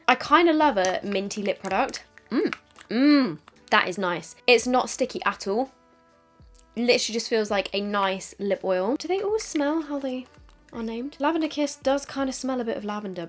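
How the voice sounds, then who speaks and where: A young British woman, a beauty vlogger, chatting casually as she tries out makeup, with gushing little asides. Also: fairly high pitch. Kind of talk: casual makeup testing vlog.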